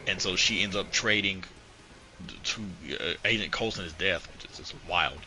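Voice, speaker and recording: A man with a low-pitched, forceful voice talks through comic book storylines on a casual podcast. He rambles, circles back on himself, keeps dropping "you know" and swears freely. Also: moderate pace, slight background noise, low-quality recording. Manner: rambling retelling, heavy on "you know" and profanity. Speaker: podcast co-host.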